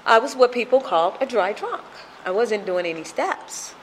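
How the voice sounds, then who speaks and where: A woman's voice: on the high side, expressive, normal speed, slight background noise. A middle-aged woman telling her recovery story at a meeting, emotional and repetitive in her storytelling.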